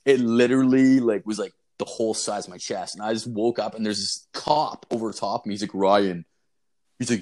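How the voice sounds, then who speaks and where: A man's voice: lowish voice, brisk, darkish tone. A young man co-hosting a podcast, telling rambling, profane stories in casual chat and laughing through them. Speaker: podcast co-host.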